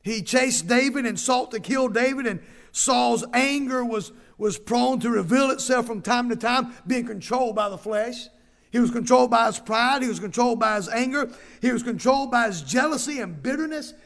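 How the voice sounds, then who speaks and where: A man's voice: very high voice, moderate pace, vocal fry, fairly bright tone. A man preaching a sermon as pastor, emphatic, often repeating words and restarting phrases.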